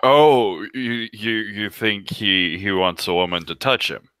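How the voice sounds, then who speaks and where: A man's voice: on the low side, measured pace, sharp tone, clear, resonant tone, dry recording. A man voicing a polite, fussy male alien just out of prison, with a courtly, formal manner. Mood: puzzled. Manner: courtly, formal, a bit prim.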